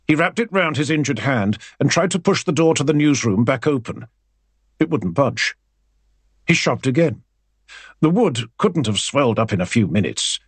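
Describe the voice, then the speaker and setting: A male audiobook narrator with a wry, expressive way of telling the story. His slightly husky voice rises and falls a lot, and the recording is dry and close. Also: mid-range voice, dry recording.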